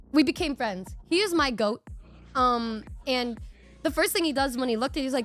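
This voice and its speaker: A young woman streamer casually telling her viewers a long story, rambling and animated, swearing freely and acting out what people said. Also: high-pitched, brisk, soft background music. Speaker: VTuber streamer.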